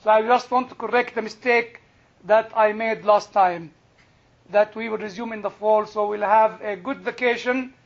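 An older man with a husky voice, teaching a class on Christian faith in a slow, deliberate, emphatic way. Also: high-pitched, steady tone, muffled recording. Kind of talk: lecture to a class.

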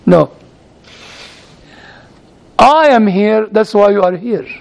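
A tender, reassuring Christ figure , as told by a man preaching. The voice sits unusually high for a man and speaks with soft, patient warmth, calm rather than commanding. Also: slow, vocal fry, heavily acted, poor audio. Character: gentle, loving Christ speaking to a believer.

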